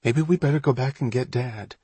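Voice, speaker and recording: A man's voice: medium pitch, fairly quick, mellow, breathy edge, no echo, voice pushed up, natural voice. A man voicing a frightened young boy who pleads and frets. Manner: fearful, pleading, tearful. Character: scared young boy, little brother, timid.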